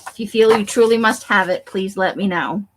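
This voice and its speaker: A woman's voice: mid-range voice, fairly quick, background noise. A woman streamer chatting casually with her viewers, teasing them by name and joking about herself. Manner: chatty and self-deprecating, talks to viewers by name. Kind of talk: casual livestream chat.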